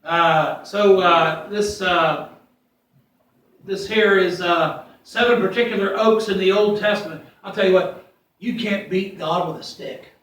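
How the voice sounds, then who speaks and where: A man preaching a sermon. He reads scripture aloud and swings from loud, rising readings to quiet asides. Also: sits high, fairly even intonation, unhurried. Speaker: pastor. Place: church sanctuary. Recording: echoey church from far off.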